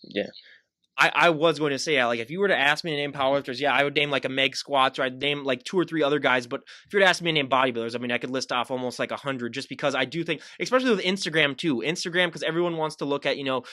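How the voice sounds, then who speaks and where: A male podcast host who talks fast and rambles through casual questions. His voice is bright, and the sound is close and dry. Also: mid-range voice, no room sound. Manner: rambling, chatty, many fillers and restarts. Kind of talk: casual interview chat.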